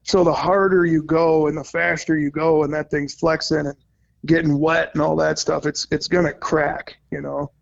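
A man's voice: on the high side, level tone, normal speed, vocal fry. Laid-back man from Minnesota, muffled sound. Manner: laid-back, rambling, swears casually. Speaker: podcast guest, goose-calling competitor. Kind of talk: casual chat. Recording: dull lo-fi sound.

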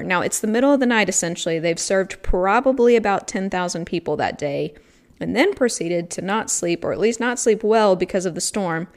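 A woman hosting a devotional podcast, teaching on a scripture passage in an earnest, reflective way with pauses for emphasis. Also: medium pitch.

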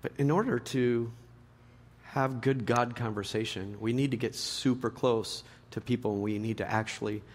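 A middle-aged man preaching a sermon to a live church audience, joking and animated, swinging between loud punchlines and hushed earnest points. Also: medium pitch, moderate pace. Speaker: pastor.

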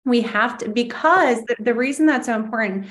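A woman hosting a podcast, explaining ideas in a thoughtful, gentle way in a casual interview. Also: on the high side, normal speed. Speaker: podcast host.

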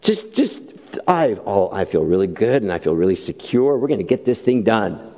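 Laughing at his own mishaps, a middle-aged pastor shares a funny personal story during his sermon. He speaks fairly quickly in a fairly low, mellow, animated voice, captured with long hall reverb.

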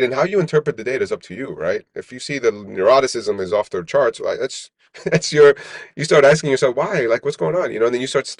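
In a relaxed interview, this middle-aged man who founded a company speaks with animation and peppers his remarks with "right?". His voice is on the low side, with no echo.

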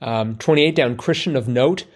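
A man's voice: medium pitch, normal speed. A man, co-hosting a casual chat about a crossword, rambling and joking at his own expense. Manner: joking, rambling, self-mocking. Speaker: podcast co-host.

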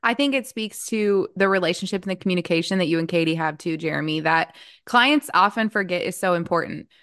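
A woman's voice: lowish voice, a little fast, a bit bright, dry recording, clean studio sound. A woman in her thirties hosting a podcast, chatting earnestly and laughing often. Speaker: podcast host, coach. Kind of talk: casual conversational chat.

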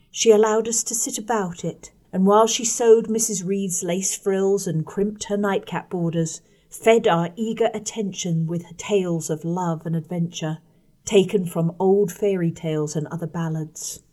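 A woman narrating a first-person story in a measured audiobook reading, letting her voice drop soft on the quiet passages. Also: mid-range voice, fairly even intonation.

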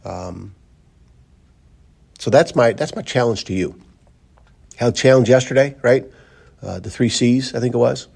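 A man's voice: medium pitch, a little slow, creaky, long pauses, darkish tone, husky. A man hosting a daily motivational podcast, talking earnestly in a rambling, casual way with many fillers and repeated phrases. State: briefly choked up. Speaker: motivational podcast host, coach. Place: driving to work, in a car.

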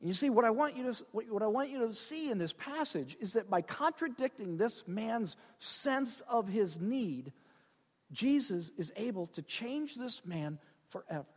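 A man preaching a sermon as pastor, emphatic and animated, repeating phrases for stress. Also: high-pitched, moderate pace, slightly rough. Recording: long hall reverb.

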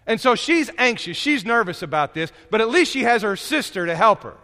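A male preacher delivers a sermon in a conversational, animated way, retelling a story and restarting phrases as he goes. His voice sits high and bright. A long reverb carries through the hall. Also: brisk.

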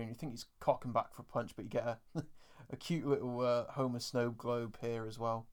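This man co-hosts a podcast, reviewing an episode in casual chat full of fillers and acting out quoted lines. He speaks at normal speed in a medium-pitched, level tone.

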